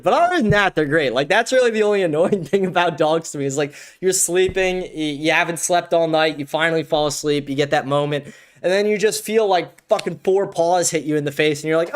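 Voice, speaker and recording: A man's voice: a little high, brisk. A man hosting a livestream, chatting casually in a loose, profane, rambling way and laughing often. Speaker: livestream host.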